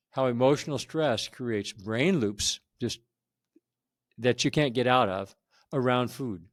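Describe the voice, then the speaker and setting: A man hosting a men's support channel, talking straight to viewers in an earnest, emphatic and reassuring way. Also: mid-range voice. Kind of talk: direct-to-camera talk.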